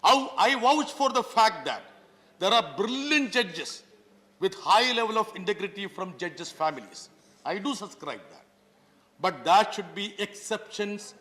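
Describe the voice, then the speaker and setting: In a big, echoing legislative chamber, a Keralan member of parliament from India makes a forceful floor speech packed with sharp rhetorical questions. His voice sits high and sounds pushed and bright.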